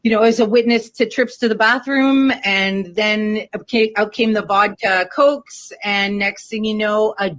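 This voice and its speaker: A woman's voice: medium pitch, fairly even intonation, unhurried, few pauses, a bit bright, no echo. A woman telling a long story in casual chat, rambling and swearing, with many fillers. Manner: rambling, profane, lots of fillers.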